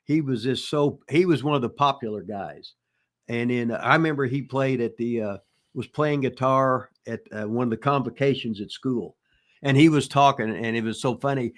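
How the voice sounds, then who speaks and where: An older man with a brisk, mid-range voice, a retired pro wrestler, answers listener questions by telling rambling, profane wrestling stories. It's casual storytelling chat, full of restarts and folksy asides.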